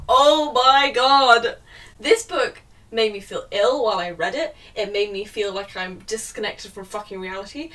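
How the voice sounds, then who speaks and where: A woman's voice: medium pitch, a bit bright, recorded from a distance, slight background noise. A young woman ranting sarcastically and swearing freely while reviewing a book.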